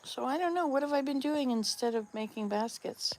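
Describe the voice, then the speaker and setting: A woman's voice: sits high, expressive, fairly quick, darkish tone, a little hiss or hum. A woman in her sixties chatting casually at home, rambling and upbeat, coaxing her cats now and then. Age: 60s. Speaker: vlogger. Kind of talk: casual chat.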